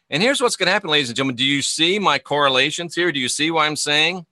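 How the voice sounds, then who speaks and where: A man's voice: fairly high pitch, animated, fast talker, hardly any pauses, pushed and bright, dry recording, clean studio sound. A middle-aged man, a spiritual teacher and former minister, delivering an emphatic monologue full of repetition and rhetorical questions. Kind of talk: preaching-style video monologue.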